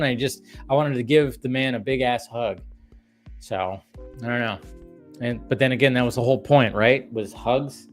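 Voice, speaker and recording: A man hosting a live stream, chatting casually about movies, rambling with many fillers and repeated phrases. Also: mid-range voice. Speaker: livestream host.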